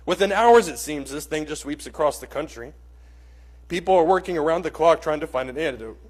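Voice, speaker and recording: A man's voice: on the high side, lively intonation, quick pace, slightly rough. A man teaching a church Bible class, telling a dramatic story in an earnest, vivid way and speaking straight to his listeners.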